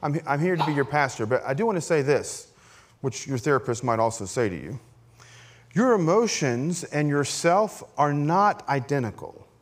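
A man's voice: on the high side, expressive, moderate pace. A middle-aged man preaching as a pastor, in a conversational, self-deprecating way with frequent "right?" asides. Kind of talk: sermon.

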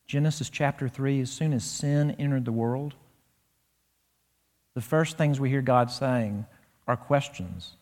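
A man preaching an expository sermon in a church, lively and slowing his delivery to stress key points. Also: mid-range voice. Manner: animated expository preaching, slows down for emphasis. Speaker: pastor. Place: church sanctuary. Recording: long reverb of a church hall.

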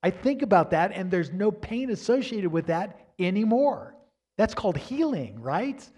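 A middle-aged man preaching a sermon in a conversational, storytelling way. His voice sits a little higher than most men's. He often restarts his sentences and turns to ask the congregation questions. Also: very animated, moderate pace, dark tone. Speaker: pastor.

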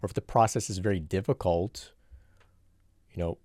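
Deep-voiced man answering questions, reflective. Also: normal speed, a little mellow, dry recording, clean studio sound. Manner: reflective, conversational, frequent restarts and "you know". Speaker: spiritual teacher answering viewer questions. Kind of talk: solo Q&A talk.

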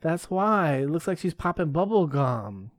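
A woman hosting a podcast, talking casually and playfully with a small child. Her voice sits very low for a woman but swings widely in pitch, full of teasing and frequent laughter. The sound is close and dry. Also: sing-song, normal speed, no echo. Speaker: podcast host. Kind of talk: casual chat with a young child.

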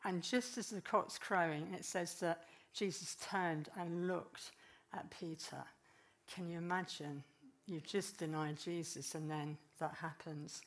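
A woman preaching with a fairly low voice. She tells the story in a lively, animated way, dropping in the voices of the people she describes. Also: a little slow. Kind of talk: sermon.

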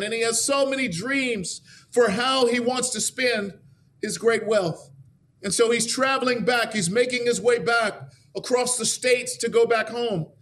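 A man preaching a sermon, telling a story earnestly and slowing down for emphasis before rising into fervent declarations. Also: very high-pitched, a bit bright.

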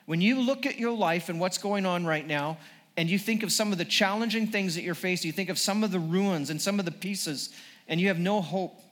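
A man's voice: high-pitched, fairly bright tone, big-room sound. A male pastor preaching a sermon to a congregation, earnest, with frequent restarts as he builds toward each point.

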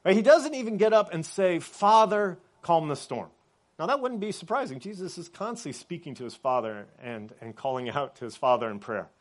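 A man delivers a sermon in a relaxed, conversational way, often tagging his points with a question to his listeners. His voice sits somewhat higher than most men's. On reflective points he drops to a soft, quiet delivery. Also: fast talker, few pauses. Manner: conversational, often adds "right?" as a tag. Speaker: pastor.

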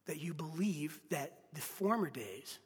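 A man's voice: fairly high pitch, animated, a little slow, breathy edge, long reverb tail. A man preaching a sermon, emphatic, repeating key phrases and speaking straight to his listeners. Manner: addresses listeners directly. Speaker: pastor.

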